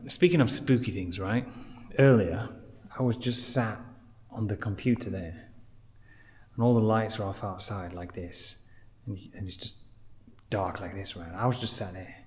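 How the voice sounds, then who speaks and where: A man telling a travel vlog story in a jokey, animated way, now and then dropping to a hush, outside a villa at night. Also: fairly low pitch, normal speed, long pauses, breathy edge. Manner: animated, jokey, drops to hushed tones. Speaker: travel vlogger. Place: villa pool area at night.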